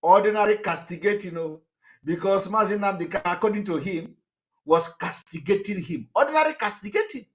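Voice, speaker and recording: A man's voice: sits high, brisk. A man giving a combative, mocking live political broadcast, laughing at his critics. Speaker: activist broadcaster.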